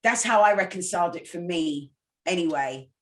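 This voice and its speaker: A woman's voice: fairly low pitch, animated, moderate pace, fairly bright tone. Candid woman reminiscing, echoey room. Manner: candid, reflective storytelling. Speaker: guest presenter. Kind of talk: casual podcast conversation.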